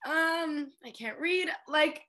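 A woman's voice: high-pitched, moderate pace, pushed and bright. A woman in her twenties giving an emotional tribute to a departing friend in her singing group, crying and laughing through her words with many fillers. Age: 20s. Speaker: a cappella group member giving a senior tribute.

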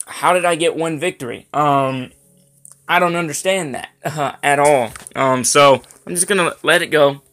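Man, gaming video host; bright, forceful tone; rambling commentary, filler-heavy, easily irked. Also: fairly high pitch, moderate pace. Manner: rambling, lots of ums and uhs; irritated at lag, complaining. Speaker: gaming YouTuber. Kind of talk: gameplay commentary.

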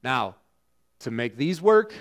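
A middle-aged male pastor preaching a sermon in an animated, conversational way with lots of fillers. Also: fairly high pitch, normal speed. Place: church sanctuary.

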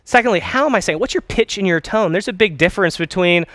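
A young man teaching a course on phone skills, talking in an energetic, conversational way and acting out sample calls. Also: high-pitched, quick pace, hardly any pauses, no room sound. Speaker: dental practice consultant.

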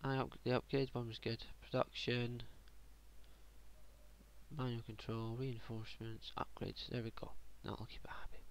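A man's voice: medium pitch, level tone, normal speed, slight background noise. A man casually commentating his own strategy game, muttering to himself, joking and swearing now and then. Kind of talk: casual let's play commentary.

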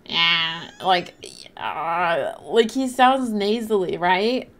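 A woman's voice: on the low side, lively intonation, drawn-out words, fairly bright tone. A young woman livestreaming a game, chatting casually and apologetically while reading and thanking her chat. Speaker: livestreaming gamer.

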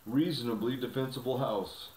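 A man's voice: medium pitch, normal speed, a little mellow, lightly acted. A blunt dwarf with a dry wit, voiced by a man reading aloud. The voice rings a little in a roomy space. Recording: roomy, from a distance.

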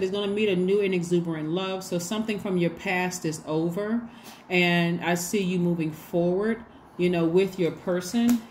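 A woman's voice: on the low side, a little mellow, slight background noise. A woman giving a casual tarot reading to her viewers, chatty and repetitive, often acting out little bits of dialogue. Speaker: tarot reader.

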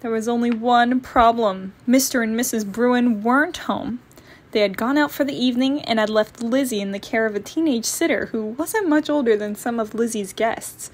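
A woman storyteller reading a children's picture book aloud, clear and expressive. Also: a little high, moderate pace.

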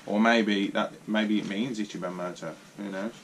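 A man chatting gently with his young daughter, encouraging her and prompting her with questions. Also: on the low side, fairly even intonation, moderate pace, noisy background. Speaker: father.

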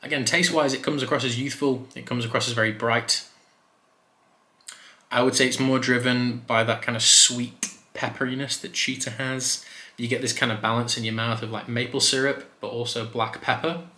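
A man talks through a whisky review in an easy, chatty way, with plenty of fillers along the way. His voice has a bright, forward edge. The room around him adds a noticeable echo. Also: mid-range voice, normal speed. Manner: chatty, relaxed, loose with fillers. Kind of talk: casual review vlog. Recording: roomy echo.

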